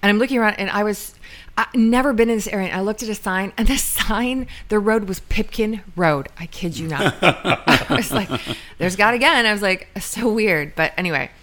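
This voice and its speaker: A woman's voice: mid-range voice, fairly quick, a bit bright. A middle-aged woman co-hosting a podcast, telling a personal story in casual chat, with many ums and restarts. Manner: chatty, many ums and restarts, quotes herself. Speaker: podcast co-host.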